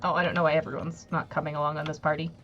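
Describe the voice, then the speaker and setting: A woman's voice: deep voice, level tone, racing, a bit bright, lo-fi sound, a little hiss or hum. A woman streaming a video game, making wry, casual asides to herself as she plays. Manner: wry, muttering to herself while playing. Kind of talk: casual live-stream commentary.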